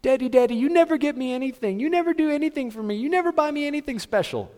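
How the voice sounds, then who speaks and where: A man's voice: very high voice, lively intonation, fast, a little mellow, pitched above the performer's own voice. A man voicing a whining small child nagging a parent, with a whiny, pleading manner. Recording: long hall reverb.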